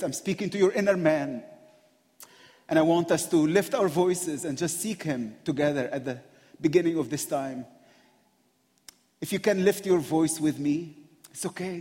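Guest preacher guy, kinda high voice, emotional and passionate, keeps laughing between lines, big echoey church hall. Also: darkish tone. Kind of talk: sermon. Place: church sanctuary. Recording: long reverb of a large hall.

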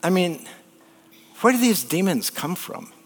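A man's voice: high-pitched, wildly swooping pitch, unhurried, vocal fry, slight background noise. A man preaching a sermon in a church, conversational and joking, throwing rhetorical questions at the congregation. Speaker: pastor. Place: church sanctuary. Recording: long church hall reverb.

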